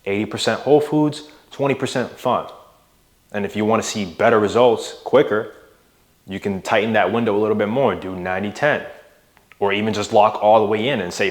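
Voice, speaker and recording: A young adult man coaching viewers in a motivational monologue, casual and emphatic, pushing his voice up and down to stress words and checking in with "right?". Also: a little fast. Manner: emphatic, varies loudness and pitch for emphasis, casual with "bro" and "right?". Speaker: mindset and fitness coach.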